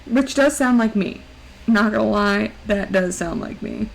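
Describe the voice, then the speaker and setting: A woman's voice: expressive, measured pace, vocal fry, rough recording. Chatty woman streamer with a cracking voice. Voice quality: high, mousy voice. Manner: playful, chatty, self-teasing. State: voice cracking from recording audio. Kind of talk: casual live-stream chat while drawing.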